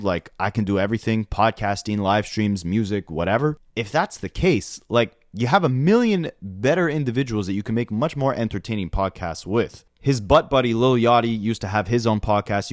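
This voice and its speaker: Man, rap commentary host, mid pitch, dry close mic, animated, incredulous, filler-heavy. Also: a little fast, hardly any pauses, dry recording. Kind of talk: casual commentary monologue.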